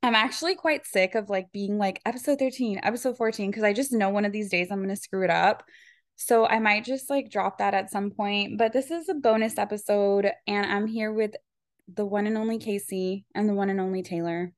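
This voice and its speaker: A woman's voice: medium pitch, a little fast, dry recording, studio quality. A woman hosting a podcast in casual chat, talking in a chatty, rambling way with lots of filler words. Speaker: podcast host.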